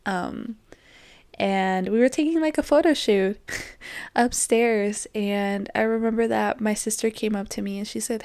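A woman in her twenties telling a personal story on her podcast, reflective and gently hesitant. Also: mid-range voice, a little slow, clean tone, no echo. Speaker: podcast host.

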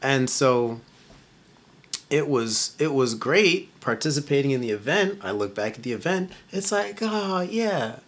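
A man's voice: mid-range voice, expressive, measured pace. A man chatting as a podcast guest, rambling loosely and packing his talk with filler words. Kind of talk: casual chat.

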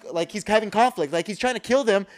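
Fast-talking man recapping anime, profane. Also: soft background music. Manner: profane, acts out character lines in a low voice. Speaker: podcast co-host. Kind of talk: excited anime episode recap.

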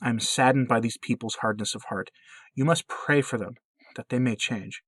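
A man reading as a gentle motherly heavenly lady. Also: medium pitch, moderate pace, husky. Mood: gently pleading.

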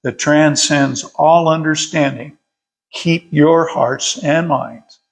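A man's voice: on the high side, fairly even intonation, slow, gravelly. An older man leading a casual Bible study from his workshop, folksy and chuckling as he tells stories.

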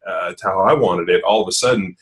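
A man's voice: low voice, fast, poor audio. A man telling gym stories on a podcast in a loose, rambling way, full of fillers and restarts. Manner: rambling storyteller, laughs often, many fillers. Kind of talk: casual podcast chat.

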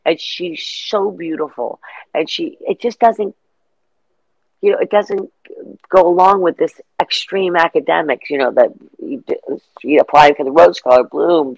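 A woman's voice: low-pitched, creaky, no room sound, muffled recording. Middle-aged woman rambling thru stories on an interview, dry close mic. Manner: rambling, animated storytelling. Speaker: guest. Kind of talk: casual interview chat.

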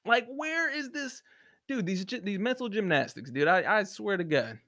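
Man, podcast host, solo rant, profane, sarcastic, heated, fairly high voice. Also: lively intonation, normal speed, bright, forceful tone.

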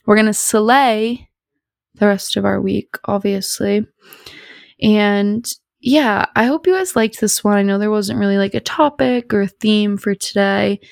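A woman's voice: mid-range voice, measured pace, vocal fry, no room sound, clean studio sound. A young woman hosting a podcast at home, chatting casually in a rambling, bubbly, self-deprecating way. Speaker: podcast host. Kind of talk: casual solo chat.

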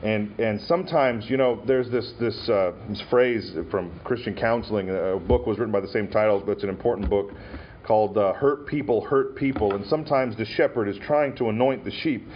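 With a lowish voice at normal speed and a little hiss or hum, a male pastor from Montana preaches at an ordination in a church sanctuary. The lo-fi recording is dull, and his stories come with frequent fillers and restarts.

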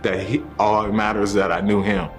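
Over soft music, a man gives an earnest personal faith testimony, acting out the voices of the people in his story. His voice is lowish and level, and his delivery is brisk.

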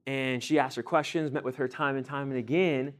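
A young man teaching a sermon to a group, animated, acting out everyday scenes and quizzing his listeners. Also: mid-range voice, brisk. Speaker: youth teacher.

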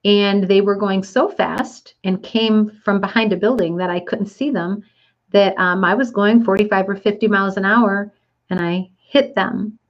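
A woman's voice: mid-range voice, steady tone, normal speed, highs cut off. A woman telling her listeners a personal story in an earnest, reflective way, with frequent fillers. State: getting teary.

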